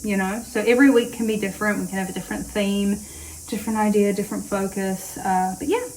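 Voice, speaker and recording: A woman's voice: mid-range voice, little pitch movement, fast talker, darkish tone, slight background noise, low-quality recording. A woman, chatting casually to camera in a rambling vlog. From New Zealand. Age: late 20s. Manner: rambling, chatty, with frequent fillers. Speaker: vlogger.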